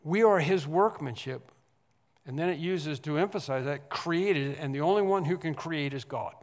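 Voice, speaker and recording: A man preaching a sermon, swinging from quiet explanation to loud emphatic lines and repeating phrases for stress. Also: on the high side, normal speed. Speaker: pastor. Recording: long hall reverb.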